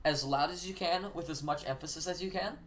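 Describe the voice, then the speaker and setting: A man streamer bantering casually on a live stream, making teasing deadpan requests with occasional laughing asides. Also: a little high, a little fast, slight background noise.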